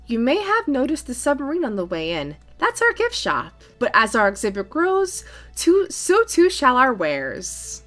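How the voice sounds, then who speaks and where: A woman's voice: high voice, wildly swooping pitch, a little slow, hardly any pauses, fairly bright tone, soft background music, full character voice. A woman voicing a courteous, old-fashioned aquarium curator in a cozy farming game. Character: polite formal aquarium curator.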